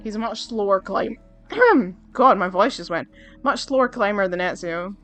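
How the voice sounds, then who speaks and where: A chatty woman gamer narrating her play casually, excitable and quick to swear. Her voice sits in an ordinary middle register, with faint music underneath. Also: medium pitch. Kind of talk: casual gameplay commentary.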